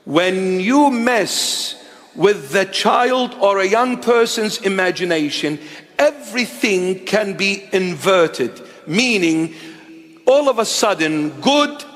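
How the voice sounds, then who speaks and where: A man in his fifties preaches in a high, expressive, slightly bright voice, going slowly and emphatically and circling back to his key lines. A long hall echo rings around his words, with faint music beneath.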